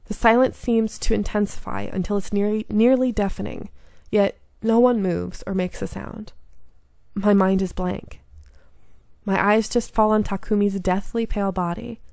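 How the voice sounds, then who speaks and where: A woman's voice: medium pitch, fairly even intonation, moderate pace, creaky, a little mellow, no room sound. A woman reading a story game aloud, earnest and emotionally invested in what she reads. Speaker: game streamer.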